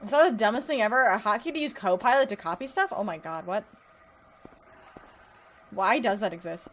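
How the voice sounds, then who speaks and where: A woman's voice: mid-range voice, animated, brisk, a little hiss or hum. A young woman from the US Midwest streaming a game, chatting casually and reading chat aloud, drawling with a put-on southern twang. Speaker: VTuber streamer.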